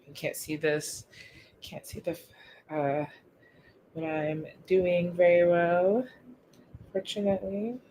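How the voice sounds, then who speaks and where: Excitable slangy young woman streaming from bed. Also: lowish voice, takes it slowly, pauses often, slight background noise. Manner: excitable, slangy, chatty with frequent "y'all". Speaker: livestream host. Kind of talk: casual livestream chat. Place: in bed at home.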